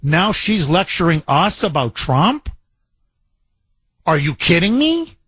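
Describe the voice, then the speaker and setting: A man's voice: fairly high pitch, very animated, slow, a bit bright, breathy edge, no room sound. A man hosting a talk radio show, delivering a combative, mocking monologue.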